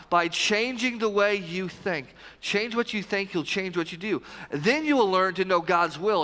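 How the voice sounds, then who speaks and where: A man in his thirties preaches with a high, bright voice, loose and conversational, tossing quick asides to the people in the pews. His voice rings out with a long reverb through the church hall. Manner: conversational, talks straight to the congregation with quick asides. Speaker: pastor. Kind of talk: casual, joking sermon. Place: church sanctuary, live service.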